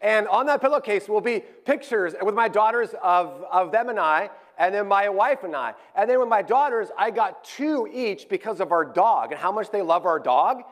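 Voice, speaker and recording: Delivering his sermon at normal speed with hardly any pauses, a high-voiced pastor in his forties tells stories in a lively, chatty manner. Quoted lines get acted out as he talks.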